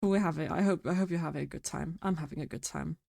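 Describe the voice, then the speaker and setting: A sick woman streamer chatting quietly and mumbling close to her microphone. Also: sits low, fast, gravelly, dry recording. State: sick, rough throat. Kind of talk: casual stream chat. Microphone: very close to mic.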